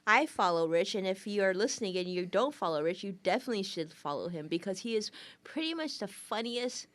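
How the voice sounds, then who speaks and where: A woman's voice: mid-range voice, lively intonation, fairly quick. A woman hosting a podcast interview, curious and playful, laughing along with her guest. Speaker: podcast host. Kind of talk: casual interview.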